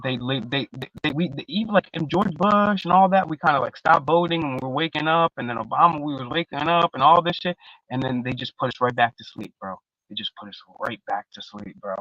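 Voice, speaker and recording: A man's voice: fairly high pitch, quick pace, no echo, dull audio. A man in casual live-stream panel chat, rambling and profane, with lots of slang and restarts, on a video call. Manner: restarts often, animated.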